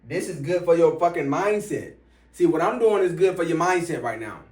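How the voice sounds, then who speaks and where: A man giving a motivational money-mindset talk as an online business coach, swearing freely and punching key points louder. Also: a little high, lively intonation, moderate pace. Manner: profane, emphatic, bursts louder on key points. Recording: roomy, from some distance.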